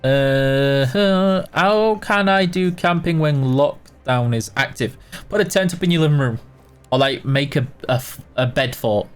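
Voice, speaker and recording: A tired man hosts a game livestream, reading viewers' questions aloud and answering in a loose, offhand way full of fillers. His voice sits a little high, with faint music playing underneath. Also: a little slow, smooth. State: very tired, yawning. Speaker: livestream host answering chat while playing. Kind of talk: casual livestream chat.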